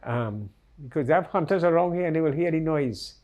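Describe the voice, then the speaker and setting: An older man recounting his life story in a conversational interview, quietly and vividly retelling events and tagging questions onto his sentences. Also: fairly high pitch, fast talker.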